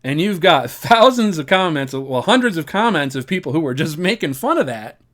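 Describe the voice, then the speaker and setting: A man's voice: a little high, sing-song, moderate pace, a bit bright. A man giving casual commentary to camera in an earnest, rambling way, repeating himself and laughing wryly. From United States. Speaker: vlogger.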